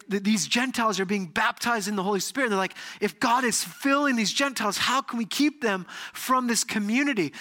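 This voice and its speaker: A middle-aged man preaching as a pastor, telling stories with animated energy and acting out the voices of the people in them. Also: sits high. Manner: animated storytelling, acts out quoted voices. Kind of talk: sermon. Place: church sanctuary.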